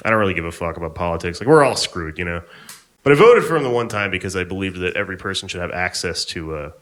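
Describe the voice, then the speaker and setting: A young male stand-up comedian works a live room with a loose, rambling, offhand delivery. His voice sits on the low side but has a bright, forward edge. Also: lively intonation, fast talker. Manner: laid-back, rambling, offhand. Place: live comedy venue on stage.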